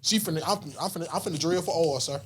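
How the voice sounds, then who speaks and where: A man's voice: on the high side, fast talker, husky, soft background music. A man, telling a story in casual, slangy talk and acting out voices and whispers. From Southern US. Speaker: podcast guest.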